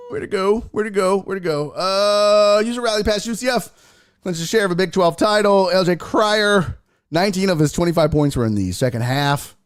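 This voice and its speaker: A man hosting a sports stream, telling a story with lots of cursing and quoted voices. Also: fairly high pitch. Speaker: sports show host. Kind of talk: casual livestream chat and storytelling.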